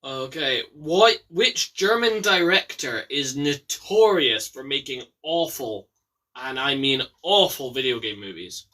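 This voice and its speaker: A young Scottish man hosting a casual bad-movie quiz, chatty, with quick asides and some swearing. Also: medium pitch, expressive, bright, forceful tone, recorded from a distance. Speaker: quiz host.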